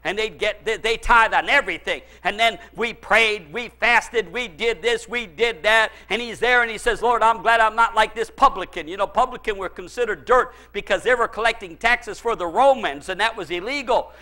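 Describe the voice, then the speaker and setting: A male pastor preaching a fervent sermon, dropping to low asides and then shouting pleas, with chuckles between lines. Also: normal speed, hardly any pauses.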